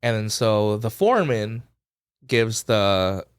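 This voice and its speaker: A podcast co-host with a lowish, clean-toned voice retells a story slowly and casually. He's animated, acts out the quoted voices, and says "like" a lot.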